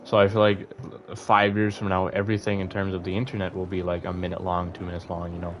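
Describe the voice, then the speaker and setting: A man's voice: low-pitched, monotone, quick pace, slight background noise. A young man streaming, chatting casually to his viewers, rambling with lots of fillers and restarts. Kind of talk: casual live-stream chat.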